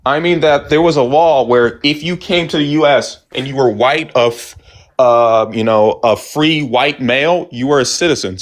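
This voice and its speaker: Brief: male caller, average pitch, hesitant and halting, lots of fillers. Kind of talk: call-in debate.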